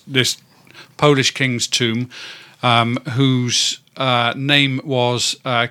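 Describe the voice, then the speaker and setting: Podcast co-host, man in his fifties, bright tone, rambling and swearing casually, dry close recording. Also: medium pitch, no echo. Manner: rambling, stumbles over words, swears casually. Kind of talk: casual chat.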